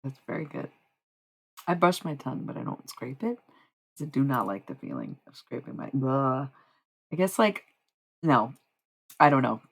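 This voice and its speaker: Streamer, casual live chat, vocal fry, loose and swearing, slow when reading passages aloud. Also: medium pitch, big pitch swings, low-quality recording. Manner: loose and chatty, swearing freely, laughing.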